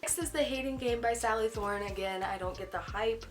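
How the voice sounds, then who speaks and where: A woman's voice: fairly high pitch, fairly quick, soft background music. Chatty woman reviewing books. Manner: chatty, candid, frequent "um" and "like". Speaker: book vlogger. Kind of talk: casual book review chat.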